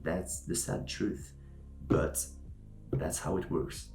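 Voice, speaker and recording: A man's voice: very deep voice, fairly even intonation, slow pace, darkish tone. A young man, a vlogger musing aloud in a rambling way, often searching for his words. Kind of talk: casual reflective monologue to camera. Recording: echoey room with faint music.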